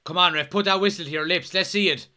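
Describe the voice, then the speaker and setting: Excitable Irish man, bright sharp voice. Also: high voice, fast talker. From Ireland, Kilkenny. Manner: excitable, yells at the referee, swears; reads out chat messages. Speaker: watchalong host. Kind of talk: live match watchalong commentary.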